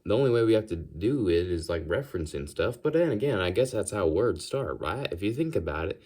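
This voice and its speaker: A goofy, rambling talker with a put-on Southern drawl, done by a man. His voice sits deep and low as he muses aloud and wanders from thought to thought. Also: darkish tone. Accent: put-on American Southern.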